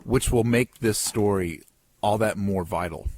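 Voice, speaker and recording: A man's voice: lowish voice, a little slow, darkish tone. A man co-hosting a casual comedy podcast, joking and laughing at his own bits. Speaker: podcast co-host.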